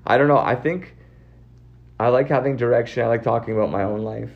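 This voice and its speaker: A man's voice: medium pitch, fairly quick, gravelly, muffled recording. A man in his forties hosting a live stream, chatting with a caller in a scattered, rambling way, often repeating himself. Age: 40s. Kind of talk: casual live chat with a caller.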